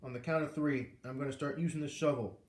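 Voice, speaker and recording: A man's voice: mid-range voice, steady tone, fast, close to an everyday voice. A man putting on a raging pompous executive. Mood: enraged. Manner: hissing, snapping, bullying. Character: blustering furious male corporate executive. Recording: roomy echo.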